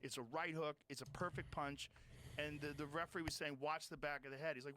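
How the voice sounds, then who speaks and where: Brief: emphatic, profane male podcast host, slightly high voice, faint room noise. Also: steady tone, fairly quick, pushed and bright. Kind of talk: casual chat.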